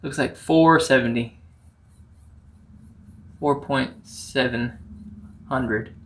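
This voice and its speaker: A man's voice: medium pitch, very slow, reverberant, far from the mic, a little hiss or hum. A man casually talking through a truck repair, rambling with lots of fillers and restarts. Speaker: YouTuber restoring a truck. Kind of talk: casual workshop how-to vlog.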